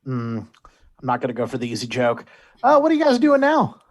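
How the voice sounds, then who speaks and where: A man acting as game master in a tabletop game, describing scenes and calling for rolls in an animated way with quick restarts. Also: medium pitch, muffled recording.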